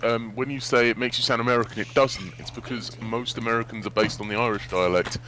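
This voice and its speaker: A man's voice: mid-range voice, steady tone, fast talker, pushed and bright, slight background noise. A man in a casual chat with friends while gaming, correcting the others in a pedantic way.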